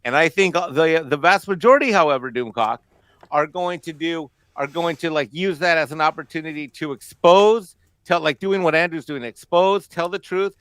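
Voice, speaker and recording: A man's voice: a little high, moderate pace, fairly bright tone, smooth, no echo. A man co-hosting a casual panel discussion, rambling with many fillers and laughing at times. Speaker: co-host.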